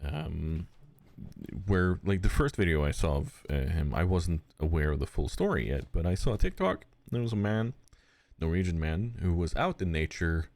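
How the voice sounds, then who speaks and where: A man co-hosting a podcast in casual, rambling chat, animated and given to quick put-on voices when quoting. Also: no room sound. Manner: rambling and animated, slips into high cute voices for quotes. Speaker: podcast co-host.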